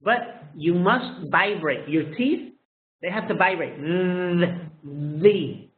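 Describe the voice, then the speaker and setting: A man's voice: high-pitched, expressive, slow pace. A man whose first language is Spanish, teaching English pronunciation and repeating each sound again and again. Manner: drills single sounds, repeating each one several times. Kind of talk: pronunciation lesson. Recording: tinny phone-like sound in an echoey room.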